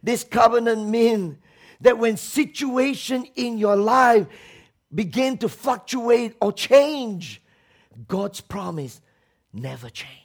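A man preaching a sermon with passion, swinging between shouted lines and hushed ones. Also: very high voice, animated, takes it slowly.

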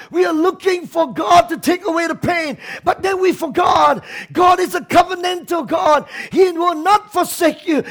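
High-voiced impassioned male preacher. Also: vocal fry. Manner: impassioned, swinging between shouted and hushed lines. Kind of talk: sermon.

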